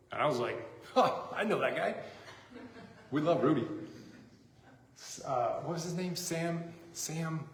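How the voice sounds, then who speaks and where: A man preaching a sermon as a pastor, in a casual, joking, conversational way, recorded in a church sanctuary. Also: fairly high pitch. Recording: echoey church hall.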